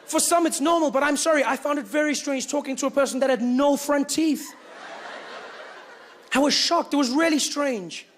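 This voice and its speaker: A young man from Johannesburg with a South African accent, telling a stand-up story in an animated, self-mocking way. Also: very high-pitched, normal speed, slight background noise. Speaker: stand-up comedian. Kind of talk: stand-up comedy routine.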